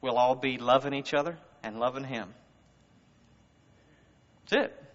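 A man with a Southern US accent preaching a conversational sermon, swinging between loud emphasis and hushed words. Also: medium pitch, measured pace. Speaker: guest speaker. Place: church service. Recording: muffled reverberant hall recording.

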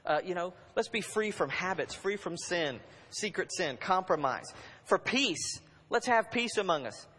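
A man preaching a sermon to a congregation, animated and exhorting, swinging between loud urging and hushed asides. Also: sits high, a little slow, slightly rough, in a large hall. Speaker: pastor.

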